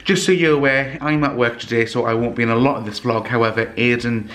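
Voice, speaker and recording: A young man, talking to the camera in a hurried, hesitant way while getting ready for work. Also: medium pitch, fairly even intonation, a bit bright. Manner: hurried, hesitant, many fillers. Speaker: vlogger. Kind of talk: casual vlog chat.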